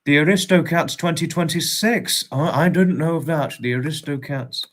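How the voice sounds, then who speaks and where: A man hosting a livestream in casual chat, warmly greeting viewers and reading out their comments with frequent chuckles. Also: fairly high pitch, normal speed. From United Kingdom. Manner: affectionate, greets viewers as darling, chuckles often. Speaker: livestream host.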